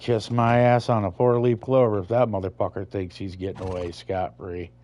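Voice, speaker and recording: A man's voice: lowish voice, little pitch movement, normal speed, a little mellow. A man giving casual, profane, rambling commentary while playing a video game, hosting his own channel. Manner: profane, rambling, laid-back. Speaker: gaming channel host.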